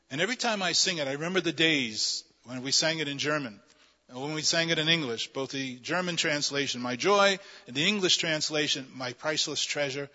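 A man preaching with a bright, ringing tone that sits a little high. His fervent, emphatic delivery, full of rhetorical questions, carries through a big hall's long reverb on a dull, lo-fi recording. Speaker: pastor. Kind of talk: sermon.

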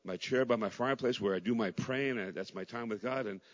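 A middle-aged male pastor preaching with fervor, his voice leaping from ringing cries down to hushed, near-whispered lines, phrases repeated for weight. The sound is a little dull and muffled, and his words trail off into a long echo from a big church hall. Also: mid-range voice, a little fast. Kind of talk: sermon. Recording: dull recording in a large reverberant hall.

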